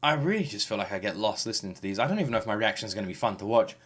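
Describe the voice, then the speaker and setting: A man hosting a music reaction, talking casually and effusively, rambling with halting restarts and some swearing. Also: lowish voice, expressive, a bit bright, slightly rough. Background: game soundtrack playing faintly.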